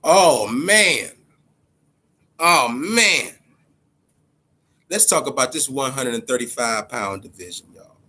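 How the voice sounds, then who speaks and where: A man hosting casual, profane boxing commentary, animated and repeating himself as he talks to his audience. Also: mid-range voice, slow pace, long pauses.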